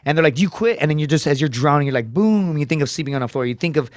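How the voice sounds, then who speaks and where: Podcast guest: quick, slightly high voice, foul-mouthed storyteller, dry sound. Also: male voice, no echo. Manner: profane, rapid storytelling with frequent "dude" and "right?"; acts out quoted voices with raised pitch.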